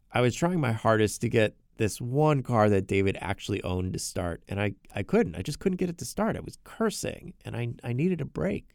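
Man with a gravelly voice, dry close mic, earnest personal storytelling with stumbling repeats. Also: medium pitch, a little mellow, no echo. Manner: earnest, repeats words when emotional. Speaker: podcast narrator.

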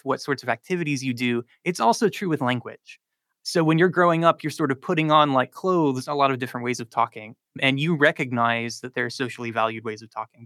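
Bright-voiced professor from North Carolina. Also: male voice, medium pitch, dry recording, studio quality. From South Charlotte, North Carolina. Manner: explanatory, fluent with frequent "like" and "um". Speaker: linguistics professor, guest. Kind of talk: radio interview answers.

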